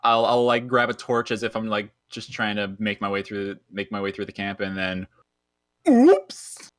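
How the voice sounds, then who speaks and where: A man playing in a tabletop game, talking in an animated, rambling way with lots of restarts. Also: fairly low pitch, a little fast. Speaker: player. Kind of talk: casual tabletop role-play.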